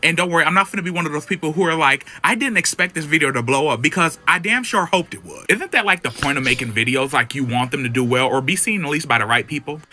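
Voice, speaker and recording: A man's voice: a little high, quick pace, few pauses, pushed and bright. A man telling a spooky personal story in a sassy, profane, dramatic way. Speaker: storyteller in a clip. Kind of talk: animated story time.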